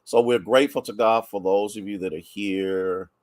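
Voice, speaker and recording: An American man, a pastor, chatting warmly with livestream viewers and greeting them by name, a bit congested from sneezing. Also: on the low side, steady tone, moderate pace, dry recording.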